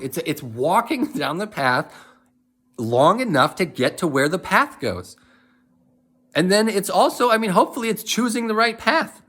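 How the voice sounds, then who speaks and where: A man speaking in a reflective, rambling monologue, asking many questions and laughing softly now and then. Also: fairly high pitch. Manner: rambling, questioning, with frequent restarts and soft laughs. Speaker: motivational speaker.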